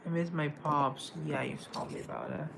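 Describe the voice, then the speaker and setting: Gravelly-voiced man chatting on a live stream. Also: fairly high pitch, fairly even intonation, normal speed, background noise. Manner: chatty, greets viewers and answers chat comments. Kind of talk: casual live stream chat.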